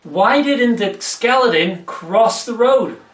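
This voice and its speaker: A man's voice: extremely high pitch, animated, slow, far from the mic. A man presenting a comic church devotional video, telling jokes and answering himself as a weary skeptic. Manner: plays both joke-teller and weary skeptic. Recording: echoey room, off mic.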